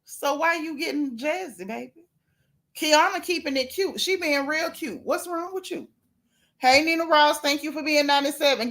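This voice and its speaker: A woman delivers casual gossip commentary straight to her viewers. She is sassy and animated, and she often talks right at the people she is mocking. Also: high-pitched, moderate pace. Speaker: gossip vlogger.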